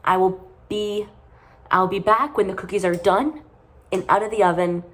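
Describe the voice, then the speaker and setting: Excitable woman vlogging her baking in her kitchen, gasping and chatty, middle pitch. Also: moderate pace. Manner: excitable, gasps and exclaims often. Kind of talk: casual baking vlog.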